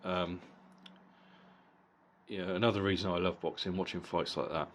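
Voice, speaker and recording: Reviewing a boxing match bluntly and casually, this middle-aged vlogger curses freely and keeps repeating his words. He speaks in a low, somewhat bright voice with fairly even intonation at normal speed, and a little hiss or hum can be heard.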